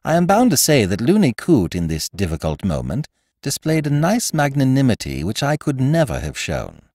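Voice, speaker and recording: Expressive male audiobook narrator. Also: medium pitch, normal speed, no echo, clean studio sound. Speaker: audiobook narrator and podcast host. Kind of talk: scripted narration.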